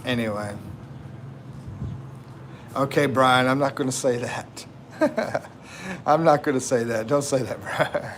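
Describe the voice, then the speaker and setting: Reading out viewer comments on his casual livestream, a man from the United States who lives in the Philippines chats and laughs, his delivery slow and drawn-out. He has a mid-range voice, and there's slight background noise.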